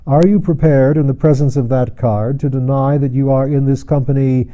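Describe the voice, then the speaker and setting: A man reading as a slow, menacing president. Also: mid-range voice, steady tone, lo-fi sound, lightly acted. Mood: commanding. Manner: slow, deliberate, brisk and mocking. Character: huge commanding man, president, genial menace.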